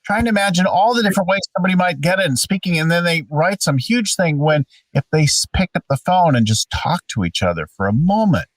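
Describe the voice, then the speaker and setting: A man in a relaxed discussion who tells examples with animated rises and falls. He sits a little distant from the microphone. The sound is dry. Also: fairly high pitch, quick pace, few pauses, no room sound. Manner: animated storyteller, asks questions. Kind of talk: conversational leadership talk.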